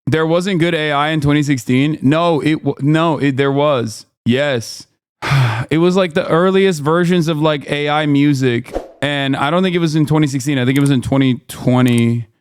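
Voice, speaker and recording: A man's voice: on the high side, normal speed, smooth, dry recording. A man casually commenting on clips as a streamer, sardonic and rambling, with restarts.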